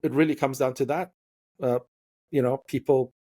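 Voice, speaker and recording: A young man hosting a podcast interview, talking in an animated, opinionated way and slipping into quoted voices. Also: mid-range voice, normal speed, husky. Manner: animated, opinionated, mimics voices when quoting. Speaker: podcast host. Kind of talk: casual interview conversation.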